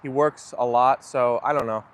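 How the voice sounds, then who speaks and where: With a medium-pitched voice, a moderate pace and a little hiss or hum in the audio, a young man runs a livestream. He casually chats through incoming viewer comments, easygoing and often siding with his audience.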